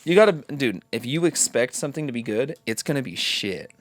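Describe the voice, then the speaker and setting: A man's voice: mid-range voice, a little fast, no room sound. Ranting young man, dry close mic. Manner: animated, ranting, swears often. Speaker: podcast co-host. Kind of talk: casual chat.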